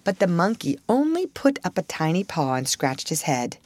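Expressive woman narrator for a storybook, measured, low and dry. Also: dry recording. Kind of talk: audiobook narration.

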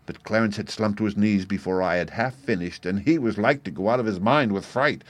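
Male first-person audiobook narrator, low voice, wry and expressive, dry studio sound. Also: normal speed, few pauses, no echo. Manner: expressive, wry, animated in dialogue.

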